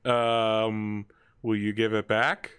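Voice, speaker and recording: A man's voice: on the low side, level tone, slow pace, fairly bright tone, clean tone, no room sound, clean studio sound, pitched below the performer's own voice. A man doing Hal, a chipper odd warlock. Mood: hesitant. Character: eerie male warlock, cheerfully odd.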